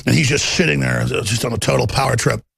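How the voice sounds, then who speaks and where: A man giving a fervent, combative political rant in a gravelly voice. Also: mid-range voice, steady tone, fast talker, fairly bright tone, no room sound. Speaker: political commentator.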